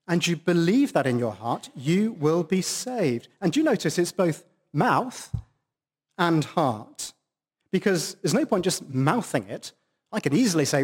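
Guy preaching in church, kinda high voice, leans hard on single words, pitch jumps all over. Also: big pitch swings, unhurried, husky. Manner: emphatic, stressing single words. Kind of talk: sermon. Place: church service with a baptism.

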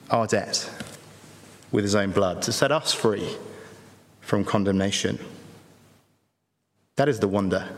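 Earnest preacher man in an echoey hall. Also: mid-range voice. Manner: earnest, uses rhetorical tag questions, pauses between phrases. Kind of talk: sermon. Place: church.

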